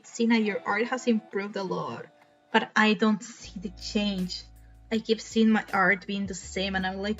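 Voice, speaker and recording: A woman's voice: fairly even intonation, measured pace. Chatty woman streamer with a cheap mic. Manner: chatty, self-deprecating, rambling. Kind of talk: casual stream chat while drawing. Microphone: cheap desk mic. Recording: dull low-quality mic with faint music. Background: faint background music.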